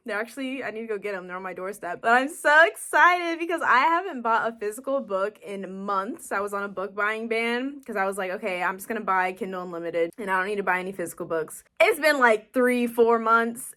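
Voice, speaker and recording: A young woman chatting casually in her vlog, talkative and quick to get excited. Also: medium pitch. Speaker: book vlogger.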